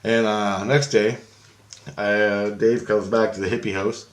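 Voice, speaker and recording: A man's voice: on the low side, level tone, measured pace. Rambling man telling a tale, roomy echo. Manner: rambling, profane, repeats himself. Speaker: storyteller. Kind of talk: casual anecdote.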